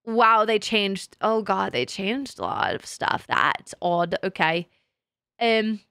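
A woman's voice: medium pitch, animated, slow, gravelly, bright, forceful tone, clean tone, no echo, clean studio sound. A woman streamer chatting casually with her live chat, crude and teasing, laughing often.

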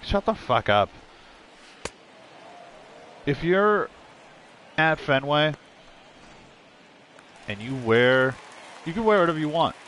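A man's voice: medium pitch, fairly bright tone, a little hiss or hum. Profane, rambling male game streamer. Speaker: gaming streamer. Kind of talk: casual let's-play commentary.

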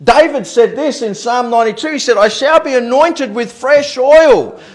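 A man preaching a sermon as pastor in a church, animated, repeating words and laughing at his own stories. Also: very high-pitched, moderate pace. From Australia.

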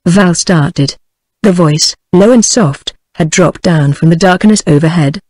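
A British woman narrating a storybook in a steady, even text-to-speech reading. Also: lowish voice, measured pace, dry recording, rough recording. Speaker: audiobook narrator. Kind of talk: scripted narration.

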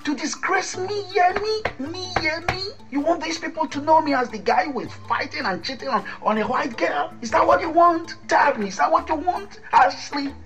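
A woman's voice: high-pitched, normal speed, hardly any pauses, music in the background. Woman voicing an evasive boyfriend. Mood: indignant. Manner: defensive, dodging, excitable. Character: young Nigerian man, evasive cheating boyfriend. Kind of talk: radio drama acting.

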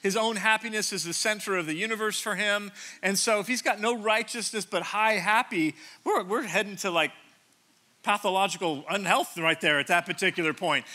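Bright-voiced pastor man, chatty and joking. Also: sits high, a little fast. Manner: joking, self-deprecating, chatty with restarts. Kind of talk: conversational sermon. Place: church sanctuary stage.

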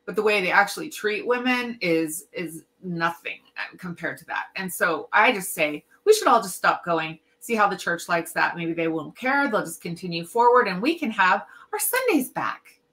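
A woman's voice: fairly low pitch, lively intonation, moderate pace, pushed and bright. A middle-aged woman in a casual podcast discussion, voicing emphatic, indignant opinions. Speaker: podcast co-host.

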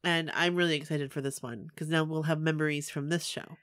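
Bright-voiced, chatty woman co-host. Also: low voice, steady tone, brisk, dry recording, studio quality. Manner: chatty, enthusiastic, lots of fillers. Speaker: podcast co-host. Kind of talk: casual chat.

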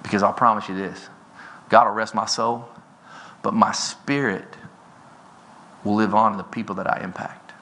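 Guy in his 40s doing a motivational keynote, bright forceful voice, lively storytelling that keeps climbing up in pitch. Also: normal speed, pauses often, slight background noise. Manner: energetic storytelling, often rising in pitch and volume. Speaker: keynote speaker. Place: conference stage before an audience.

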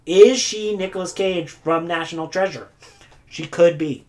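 A woman booktuber hands out community awards while chatting casually to the camera, rambling, filling her speech with "like," and laughing often between phrases. Her voice is lowish, a little mellow, and brisk.

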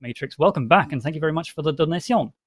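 A man hosting a casual livestream chat, reading donation messages aloud with quick laughs. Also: a little high, animated, no echo.

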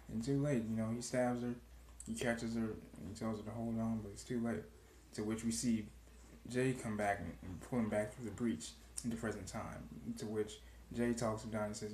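A man's voice: on the low side, fairly even intonation, brisk, a little mellow. A young man casually recapping a TV episode, loose and profane, with lots of "you know" fillers. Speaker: TV show reaction vlogger. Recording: echoey room with faint noise.

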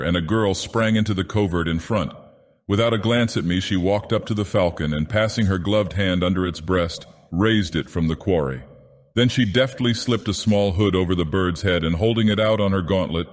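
A man doing a deep, ancient god-villain narrating. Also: normal speed. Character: ancient godlike male villain, grand and menacing. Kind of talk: audiobook narration in character. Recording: long reverb added.

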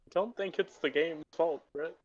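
A man chatting over a voice call while gaming with a friend, teasing her in a dry, deadpan way. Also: fairly high pitch, moderate pace, lo-fi sound.

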